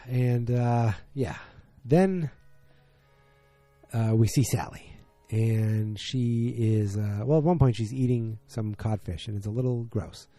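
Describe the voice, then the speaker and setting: A man's voice: medium pitch, slow pace, warm tone, dry recording, faint music behind. A man hosting a podcast from his home basement, recapping an episode casually with lots of fillers and restarts. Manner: rambling, many fillers and restarts. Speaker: podcast host.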